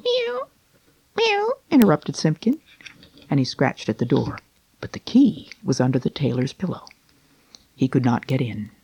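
A man reading a classic children's Christmas story aloud in a gentle, unhurried voice with dramatic slowing. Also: medium pitch, sing-song, slightly rough, no room sound.

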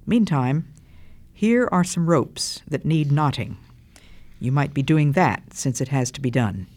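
A patient old sailor who speaks in calm, measured sentences, read by a storyteller. He is firm but never harsh, with a pitch that rises and falls freely as he speaks. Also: lightly acted.

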